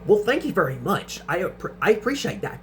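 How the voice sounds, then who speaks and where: A young man with a slightly high voice answers viewer questions in a casual vlog. He stumbles, repeats words and restarts his sentences as he goes, over a faint steady hum. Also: a little fast. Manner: stutters and restarts sentences often.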